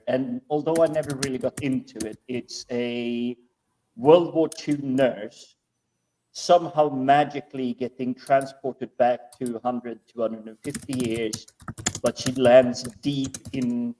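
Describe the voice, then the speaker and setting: A man's voice: mid-range voice, fairly even intonation, slow, dark tone, distant mic, slight background noise, low-quality recording. A man talking hesitantly with many fillers during a casual panel chat.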